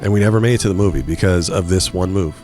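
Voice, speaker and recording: Middle-aged male podcast host, animated storyteller who acts out voices, faint music behind. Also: low voice, very fast. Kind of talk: casual comedic storytelling.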